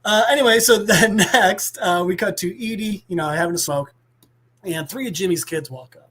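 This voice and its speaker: A man's voice: high voice, moderate pace, a bit bright, slightly rough. Rambling crude man recapping comics. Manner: rambling and crude, full of fillers and asides. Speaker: podcast co-host presenting a comic segment. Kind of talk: casual comic recap on a live podcast.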